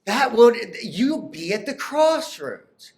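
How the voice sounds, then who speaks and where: A man hosting a stock trading video, talking in an animated, theatrical, profane rant. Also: very high voice, slow. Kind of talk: excited stock market rant.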